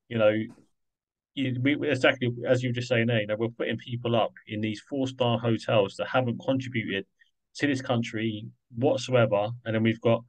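A man's voice: mid-range voice, low-quality recording. A man hosting an interview, talking in a loose, rambling, conversational way. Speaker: host. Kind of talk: casual interview chat.

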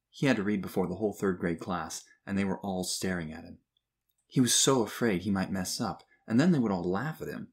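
A man narrating a storybook in a measured, expressive reading. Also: deep voice, slightly rough.

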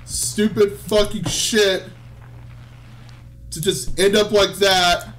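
A young man giving frustrated gameplay commentary, swearing, pleading and shouting in exasperation. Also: sits high, fairly even intonation, takes it slowly, a little hiss or hum. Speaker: gaming video creator.

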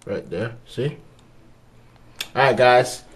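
A young man vlogging casually from his kitchen sink, excitable and profane, talking to his dog and the camera. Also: mid-range voice, takes it slowly. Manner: excitable, profane, talks to a pet. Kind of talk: casual handheld vlog.

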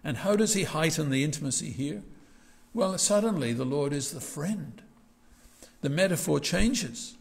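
A man's voice: on the high side, lively intonation, moderate pace, vocal fry. A male pastor preaching a reflective sermon in a church, often restarting his phrases. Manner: reflective, with frequent restarts and gentle asides. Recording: long hall reverb.

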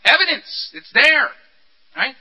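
A man speaking at a recovery meeting, candid and animated, asking rhetorical questions as he tells his story. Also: extremely high pitch, slow. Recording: dull lo-fi recording.

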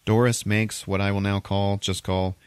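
A man hosting a podcast, retelling a horror movie plot in casual, profane, animated speech. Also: lowish voice, moderate pace, clean tone, no room sound. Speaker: podcast host.

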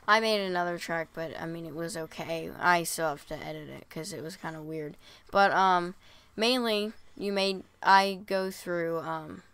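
A man co-hosting a casual podcast and talking about composing music, halting and full of fillers. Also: fairly high pitch, creaky, pushed and bright, clear, resonant tone. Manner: halting, full of "you know" and "um". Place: bedroom.

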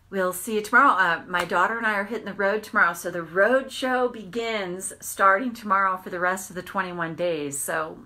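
A middle-aged woman hosts a casual live stream about tapping. Her voice is bright and clear, and she talks earnestly, rambling a little, restarting her sentences and tossing in quick asides. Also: lowish voice.

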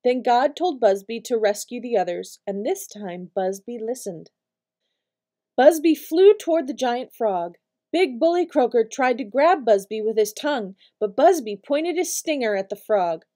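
Lady reading a kids picture book out loud, expressive, kinda high voice, mellow and soft. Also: a little slow. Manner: warm, expressive storytelling. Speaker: storytime reader.

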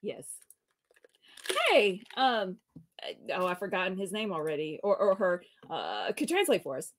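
A woman's voice: on the low side, big pitch swings, measured pace. A woman co-hosting a live comics talk stream, giggly and chatty as she reads out viewer messages. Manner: giggly, reads chat aloud, often trails off. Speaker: co-host of a live comics show. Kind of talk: casual live-stream chat.

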